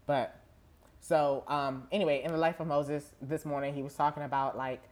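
Animated, cursing young woman telling stories. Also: low voice, moderate pace. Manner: animated storyteller, swears freely, acts out dialogue. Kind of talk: casual chat.

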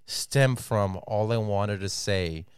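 A man, a stand-up comedian, chatting casually on a podcast and telling animated stories with acted-out voices. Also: lowish voice, slow, clean tone, dry recording, studio quality. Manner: animated storytelling, acts out voices. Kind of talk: casual chat.

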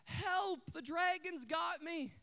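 A man voicing a little eight-year-old girl playing a damsel in distress, crying out for rescue in a shrill, pleading voice. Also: slow pace, creaky, sharp tone, full character voice.

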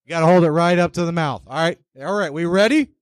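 A man's voice: a little high, fast, no room sound. A man hosting an investors' meeting in a big room, blunt and joking as he bosses the crowd through a handheld mic. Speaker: meeting host. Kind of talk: brash meeting emcee.

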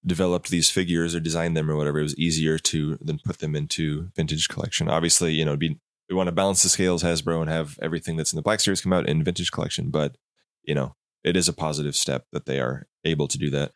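Very deep-voiced, fast-talking man. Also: level tone, dry recording, clean studio sound. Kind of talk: casual chat.

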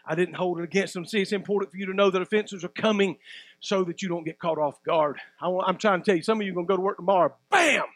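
Delivering a sermon with no echo around him, a middle-aged man serving as pastor speaks in a very high-pitched voice. He shouts now and then and prompts the congregation to respond.

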